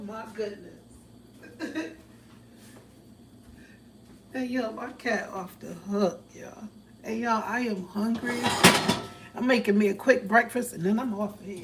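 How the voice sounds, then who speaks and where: A young woman, chatting loosely and joking with profanity as she cooks breakfast on a livestream. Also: on the high side. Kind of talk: casual livestream chat while cooking. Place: home kitchen. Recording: distant phone mic with background noise.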